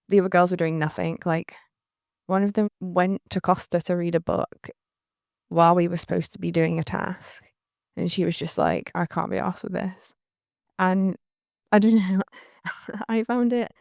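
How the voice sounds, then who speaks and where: This is a young woman with a light Northern English accent, telling a candid story in a loose, rambling way with plenty of fillers. Her voice sits a bit low with a gravelly edge. It is recorded close and dry, with no room sound. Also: a little mellow, no echo. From Northern England. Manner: chatty, rambling, laughs often, many "like" fillers. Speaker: photographer recalling her career. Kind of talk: candid anecdotal monologue.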